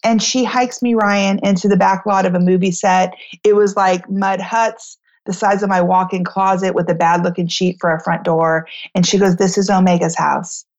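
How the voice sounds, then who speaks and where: An American woman who founded a charity, telling her story to a host in a lively, chatty way, acting out the voices of the people in it and using many "like"s. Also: medium pitch, moderate pace, few pauses, lo-fi sound. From United States. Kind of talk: animated storytelling in a talk interview.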